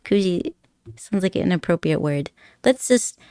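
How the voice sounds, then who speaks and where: A woman's voice: fairly low pitch, lively intonation, moderate pace, mellow, clean tone, dry recording, clean studio sound. A woman live streamer chatting casually with her viewers, rambling and giggly, laughing often and teasing her chat playfully.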